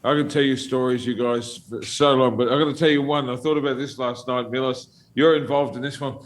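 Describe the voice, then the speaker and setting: A brisk, medium-pitched man in middle age tells an old story at a casual round table as a guest storyteller. He's animated, swears freely, and laughs his way through it.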